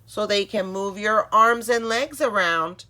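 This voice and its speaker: A woman voicing a friendly male weightlifter gently explaining muscles to a child. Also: mid-range voice, measured pace. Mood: instructive.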